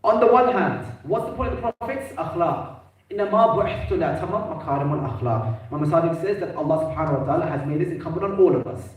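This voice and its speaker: A man giving an emphatic mosque sermon, with quick Arabic quotations between his English. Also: on the high side, expressive. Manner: emphatic, rising into declamation, quotes Arabic quickly. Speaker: preacher giving a majlis. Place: mosque hall. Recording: echoey mosque hall, mic at a distance.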